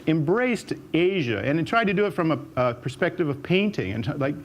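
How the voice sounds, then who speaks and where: An older man tells stories from his life on stage, rambling warmly through false starts and repeated words, and jumping up in pitch to act out what others said. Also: lively intonation, normal speed. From United States. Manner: chatty storyteller with frequent restarts and repeated words; jumps up in pitch when acting out what people said. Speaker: speaker. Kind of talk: storytelling talk on stage. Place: auditorium stage.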